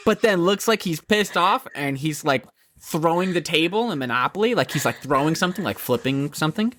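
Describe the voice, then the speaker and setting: Lively, profane man telling a story. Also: a little high, moderate pace. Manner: animated, profane storytelling, laughing often. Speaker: podcast co-host. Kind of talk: casual chat.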